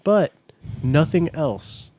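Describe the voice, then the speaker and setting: A man's voice: fairly high pitch, expressive, slow, darkish tone, no echo. Rambling, swearing young man. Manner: rambling storyteller, swears freely, acts out quoted lines. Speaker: podcast co-host. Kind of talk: casual chat over beers.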